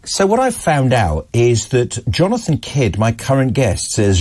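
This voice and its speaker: A man's voice: medium pitch, sing-song, a little slow, hardly any pauses, a little mellow, slight background noise. A male talk show host in a radio and TV studio, chatty and jokey with his guest.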